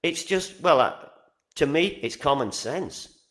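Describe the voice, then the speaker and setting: An earnest man from England with a Northern English accent, chatting as a podcast guest. His voice sits a touch high, and he grows animated and restarts his sentences when he tells a story. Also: measured pace. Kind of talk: casual interview chat.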